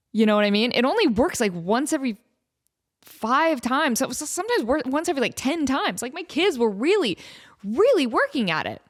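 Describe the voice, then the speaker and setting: A woman in her thirties hosting her own podcast, talking casually with frequent laughs and fillers. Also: fairly high pitch. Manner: chatty, laughing, lots of fillers. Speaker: podcast host. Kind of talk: casual chat.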